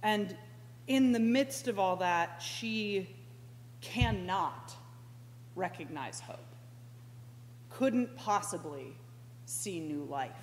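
A woman preaching a conversational sermon as a pastoral intern, slow and reflective, with sudden animated outbursts. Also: mid-range voice. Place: church sanctuary. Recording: echoey church hall with faint hum.

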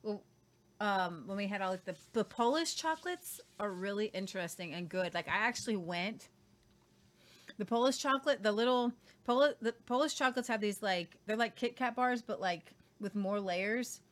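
A woman's voice: mid-range voice, lively intonation, moderate pace, fairly bright tone. A woman co-hosting a casual chat, rambling about chocolates with many fillers. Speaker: co-host.

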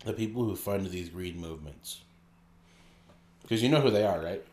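Joking podcast co-host man, low voice. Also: normal speed. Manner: animated, joking, laughs often. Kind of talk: casual chat.

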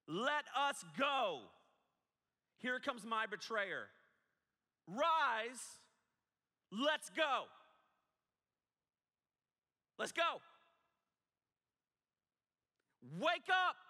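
A man preaching, acting out a man who shouts at sleepy followers to wake up and go, in loud, punchy short phrases in an echoey hall. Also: very high-pitched, very animated, very slow, long pauses, voice pushed up, exaggerated voice. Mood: urgent shouting.

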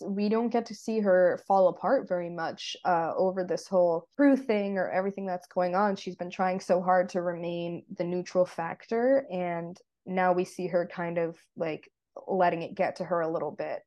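A woman's voice: lowish voice, normal speed, darkish tone. A woman co-hosting a podcast, casually retelling a TV episode scene by scene and chatting with many "like"s. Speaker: podcast co-host.

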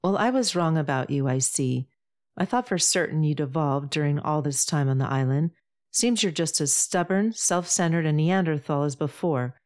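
A woman voicing a poised, sharp-tongued woman. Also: low-pitched, lively intonation, normal speed. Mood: hurt. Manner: polite, cutting.

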